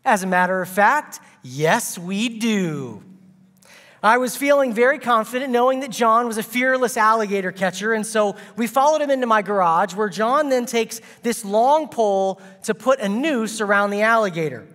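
Lively bright-voiced man preaching in a hall. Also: sits high, moderate pace. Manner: animated, comic storyteller with playful asides. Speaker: guest preacher. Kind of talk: sermon with humorous storytelling.

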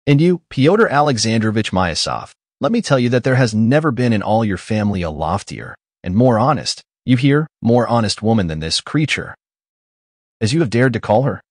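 A man's voice: fairly low pitch, sing-song, normal speed, no room sound, clean studio sound. A man voicing a buffoonish, lying old father who splutters and rants theatrically in an audiobook. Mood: blustering. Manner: shouting, mocking, self-dramatizing. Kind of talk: audiobook character reading.

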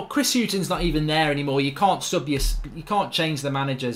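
Briskly and with few pauses, a male host rants over live gameplay on his channel. He's exasperated and swears a lot, going from mumbling to yelling.

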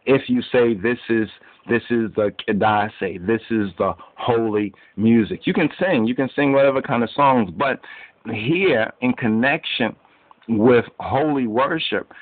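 A man with a low voice teaches a Bible study, reading verses and then talking through them in a casual, conversational way. He keeps stopping to ask whether his listeners follow. The sound is dry and narrow, like a phone line. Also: dry recording. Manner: conversational, keeps asking "you understand?"; reads verses aloud and then explains them.

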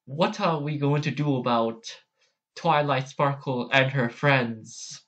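A grave pony princess of the night, as a man puts her on, speaking slowly with measured weight. The sound is lo-fi and muffled. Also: mid-range voice, a bit bright. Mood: solemn.

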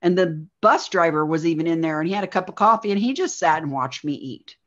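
Woman telling her story over dull lo-fi audio. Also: lowish voice. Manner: halting storytelling with frequent "like". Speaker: guest. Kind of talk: recounting a personal experience.

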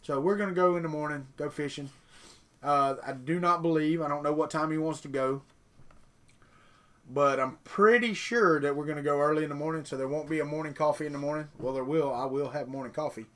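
Man, middle-aged, folksy, rambling, casual live chat, slightly raised pitch. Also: steady tone, brisk, fairly bright tone. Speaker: 3D printing vlogger reading chat.

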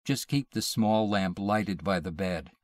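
A man reading aloud and voicing a playful, mischievous young wife, lifting his deep voice for her coaxing lines. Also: a little slow, a little mellow, dry recording, studio quality, close to an everyday voice.

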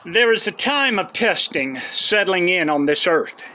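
A man's voice: sits high, animated, measured pace, pushed and bright. A man delivering a prophetic word with solemn, chanting repetition. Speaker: prophetic speaker.

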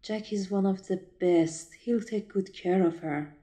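A woman voicing a calm, wry female colleague who reassures and teases, in a whispered role-play. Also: medium pitch, unhurried, natural voice. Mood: reassuring. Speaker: voice actor.

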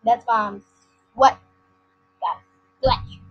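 High-voiced girl rambling over gameplay. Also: sing-song, takes it slowly, gravelly, husky. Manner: silly, rambling, sing-song outbursts. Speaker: gamer recording her screen. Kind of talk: casual gameplay commentary. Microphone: computer mic. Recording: lo-fi screen recording with faint game music.

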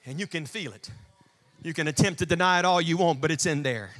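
A man preaching a sermon as pastor in a church, dropping to quiet asides and rising to shouts. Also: a little fast. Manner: swings from low murmurs to shouted preaching.

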